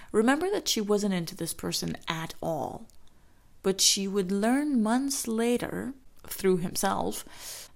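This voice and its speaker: Gravelly woman telling a story. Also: mid-range voice. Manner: intimate, slows down for emphasis, drops into whispers. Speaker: storyteller and teacher. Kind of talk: storytelling narration.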